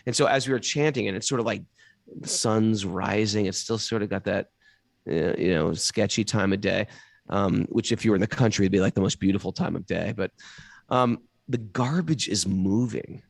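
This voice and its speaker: A man's voice: fairly low pitch, normal speed, creaky, dry recording. A middle-aged man from New York with a New York accent, telling stories in a casual, colorful way, swearing lightly and acting out the quotes. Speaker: guest storyteller. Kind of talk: casual anecdotal storytelling.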